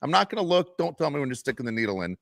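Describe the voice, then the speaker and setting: A man co-hosting a podcast, telling animated stories and ranting with plenty of cursing in casual chat. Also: medium pitch, rapid-fire, vocal fry, dry recording, studio quality. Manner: animated, profane ranting storyteller. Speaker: podcast co-host.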